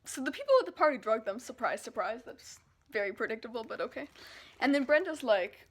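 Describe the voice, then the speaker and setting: A woman book vlogger reacting to a novel in a casual read-along, gushing, emotional and excitable. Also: a little high, brisk, slightly rough.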